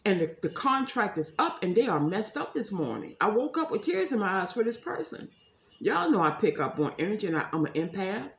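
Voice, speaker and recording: A woman giving a casual tarot reading to her viewers, chatty and emphatic, calling them y'all. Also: medium pitch. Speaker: psychic tarot reader. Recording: echoey room, faint ambience.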